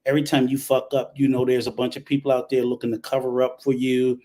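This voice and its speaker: A man's voice: mid-range voice, completely flat delivery, fast talker, dark tone. A man hosting a casual online talk show, speaking in a conversational, emphatic way. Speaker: host.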